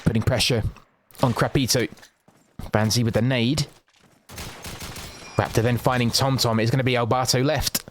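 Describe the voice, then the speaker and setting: A man giving quick, excitable live play-by-play as a game shoutcaster, with casual asides to his viewers. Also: medium pitch, a little hiss or hum. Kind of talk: live esports commentary.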